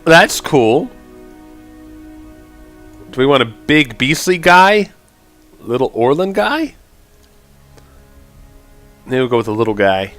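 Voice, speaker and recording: A man hosting a let's play, chatting casually and reading game text aloud, thinking out loud and stumbling over unusual words. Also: mid-range voice, very animated, takes it slowly, pauses often, soft background music.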